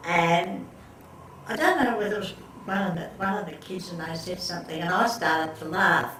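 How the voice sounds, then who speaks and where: An older woman is interviewed in casual chat, telling family stories in a rambling way with many restarts and frequent laughter. Her voice is on the low side and a bit bright, at normal speed, recorded from far off in an echoey room with faint background noise.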